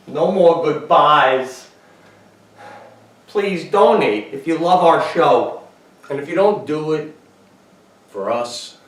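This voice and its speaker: A man's voice: sits high, echoey room, distant mic. A man doing a weepy, clingy TV twin. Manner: mock-tearful, pleading, drawn out. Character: clingy, overemotional male twin home-renovation star.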